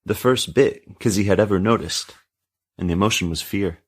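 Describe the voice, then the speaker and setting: A male narrator reads a dark family tale aloud in storybook fashion, his delivery steady and measured. His voice is deep and low with a husky edge.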